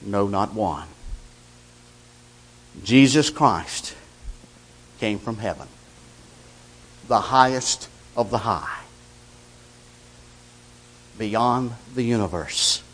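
A man preaching a sermon, slow and deliberate, swinging between loud declarations and hushed lines. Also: mid-range voice, animated, breathy edge.

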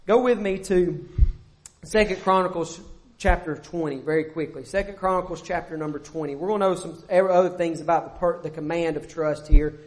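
A man preaching a sermon, emphatic and repetitive, with pauses and self-corrections. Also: a little high.

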